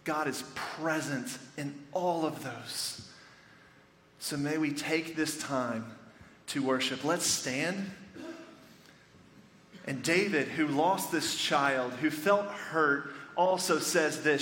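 A man preaching a sermon as pastor, telling the story with animated excitement, in a church sanctuary. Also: on the high side, takes it slowly, slight background noise. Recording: echoey church hall with reverb, faint ambience.

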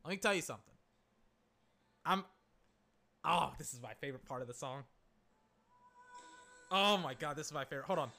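A man chatting casually and excitably, rambling, swearing and exclaiming, his voice cracking. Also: medium pitch, quick pace, gravelly, pauses often, soft background music. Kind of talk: casual chat.

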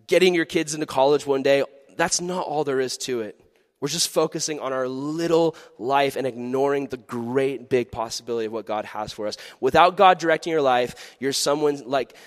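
A man giving a youth sermon in a lively, animated way, acting out quoted voices. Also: medium pitch. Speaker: youth pastor. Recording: long hall reverb.

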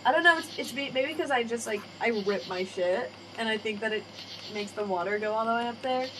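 A young adult podcast host with a slightly high, somewhat bright voice talks fairly quickly over a rough recording with faint background noise. Her casual storytelling rambles, full of free swearing and acted-out quoted voices.

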